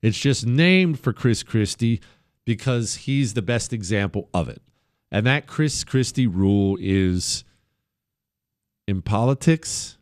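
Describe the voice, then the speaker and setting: A man hosting a talk radio show, delivering a blunt, conversational political monologue that swings between punchy highs and low asides. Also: clean tone, no echo, clean studio sound. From United States.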